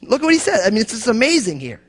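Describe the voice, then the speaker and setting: Male pastor, high voice, impassioned sermon delivery that swings from loud emphasis to a hush, echoing sanctuary. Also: huge pitch swings, rapid-fire. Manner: impassioned preaching, swinging from loud emphatic lines to hushed low ones. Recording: long hall reverb.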